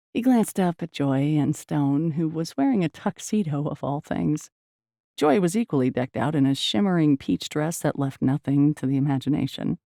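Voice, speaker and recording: A woman reading a romance novel aloud in an even, measured storytelling manner. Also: sits low, vocal fry, no echo, clean studio sound. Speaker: audiobook narrator. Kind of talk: scripted narration.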